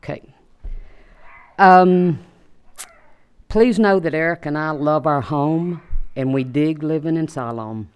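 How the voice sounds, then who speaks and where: A woman with a very low, smooth, clear voice reads her prepared statement at a podium microphone. She sounds polite and keeps herself deliberately measured. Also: a little mellow. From South Arkansas. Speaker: resident speaking at public input.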